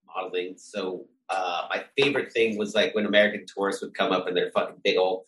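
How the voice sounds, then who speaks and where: A podcast host chatting casually, sardonic and joking. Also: male voice, low voice, steady tone, a little fast, a bit bright. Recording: echoey room with faint noise.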